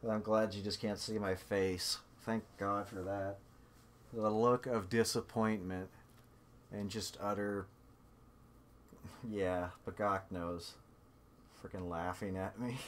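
A man's voice: fairly low pitch, flat delivery, slow, long pauses, slight background noise. Self-mocking man streaming a game. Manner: sarcastic, self-mocking banter. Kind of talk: casual chat while streaming a game. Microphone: desktop USB microphone.

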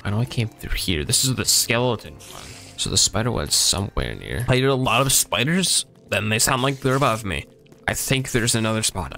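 A man with a lowish, bright, forceful voice keeps up a casual running commentary as he plays a game. He talks mostly to himself and swears freely along the way. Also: creaky. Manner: chatty running self-talk, swears casually. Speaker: gaming channel host.

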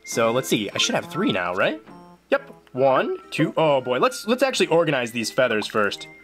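A host giving casual, jokey commentary on a game they are playing, with playful and excitable outbursts. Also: medium pitch, moderate pace. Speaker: gameplay video journal host. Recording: game music clearly behind the voice.

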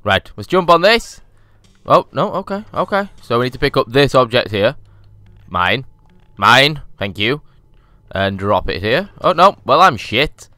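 Cheeky young male let's-player; animated, bright delivery, curses freely. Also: mid-range voice, normal speed, no echo. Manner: sweary, cheeky, chatty. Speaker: gaming YouTuber. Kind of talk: casual let's-play commentary.

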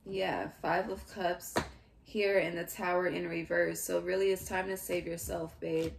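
Low-voiced woman giving a halting tarot reading. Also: flat delivery, creaky, background noise. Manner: musing, halting, speaks in fragments and restarts. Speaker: tarot reader.

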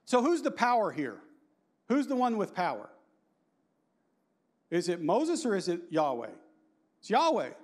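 A man in his fifties giving a lively, joking conference talk and quizzing the audience. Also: sits high, a little slow, pauses often. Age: 50s. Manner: animated and joking, asks the audience questions. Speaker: conference speaker.

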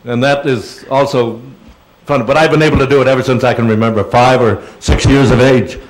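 Medium in pitch and fairly even in intonation, this man talks fairly quickly on a low-quality recording. He's a guest speaker in a big auditorium, answering questions in a rambling, chatty way and addressing audience members as "dear."

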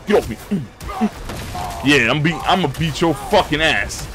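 A man playing a video game and commenting live, cursing and shouting at hits, with slangy laid-back banter in between. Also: fairly high pitch, lively intonation, slow pace. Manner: profane, loud exclamations at in-game hits. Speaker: gaming channel host. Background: game music.

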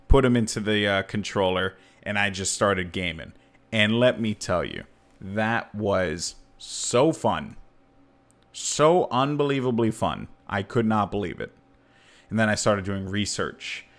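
A man in his thirties hosting a podcast, chatting casually and jokily, with his voice leaping up to stress points. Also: lowish voice. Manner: animated and jokey, voice leaping up for emphasis. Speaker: podcast host. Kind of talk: casual chat.

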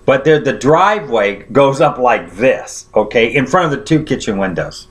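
A man's voice: mid-range voice, expressive, normal speed. A man preaching a sermon, telling a personal story in a conversational way and often checking in with his listeners.

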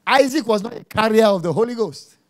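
A man preaching a sermon, emphatic and jabbing, dropping to quiet asides and rising to loud exclamations. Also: sits high, expressive, brisk.

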